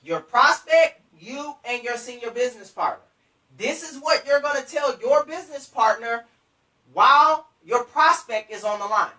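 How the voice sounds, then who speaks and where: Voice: mid-range voice, expressive, moderate pace, sharp tone, roomy sound, far from the mic, poor audio. A business trainer giving motivational sales coaching. They talk emphatically, repeat their points, and speak straight to the listeners.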